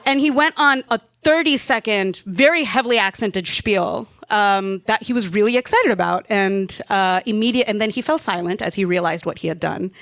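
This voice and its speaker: A woman's voice: mid-range voice, normal speed, few pauses, a bit bright, no echo. A woman in her late twenties from India telling a personal story to a live audience. She speaks into a handheld stage mic in a chatty, wry way and laughs now and then. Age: late 20s.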